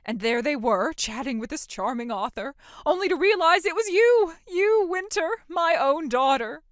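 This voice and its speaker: A woman's voice: on the high side, moderate pace, no echo, clean studio sound, lightly acted. An actress voicing a cold, scornful mother who later turns gushing and pushy in a dramatic story. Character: cold, scornful, manipulative middle-aged mother.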